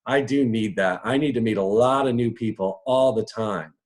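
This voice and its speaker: With a mid-range, darkish voice, a man delivers a casual live talk to an audience coaching them on personal strengths. He chuckles frequently and jumps into quick voices along the way.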